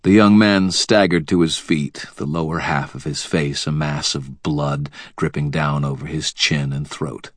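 This is a man narrating an audiobook in the first person, with a very low, deep voice. His delivery is wry and measured. The close studio recording is dry. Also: steady tone, dry recording.

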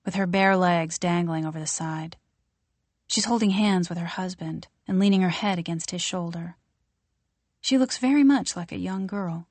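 A woman's voice: on the low side, no room sound. Woman narrating an audiobook, dry close sound. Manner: even, descriptive storytelling. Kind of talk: scripted narration.

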